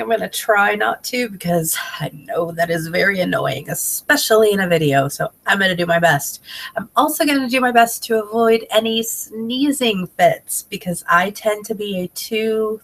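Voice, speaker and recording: A woman's voice: medium pitch, gravelly, a bit bright. Upbeat congested woman trainer. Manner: chatty and upbeat, many fillers. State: congested with a head cold. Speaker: direct sales team trainer. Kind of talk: casual training video. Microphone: webcam video call.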